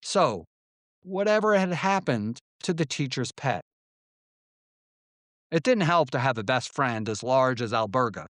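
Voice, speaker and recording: A man reads his memoir in a wry, storytelling way, slipping into quoted lines as he goes. His voice sits at a middle pitch. The recording is close and dry, with no room around it. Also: lively intonation, unhurried, pauses often, a bit bright, no echo. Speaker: memoir narrator. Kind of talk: audiobook memoir reading.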